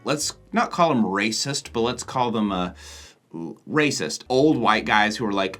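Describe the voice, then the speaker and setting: Bright-voiced man narrating a casual vlog. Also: fairly low pitch, normal speed. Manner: candid, jokey, swears casually. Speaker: travel vlogger and host.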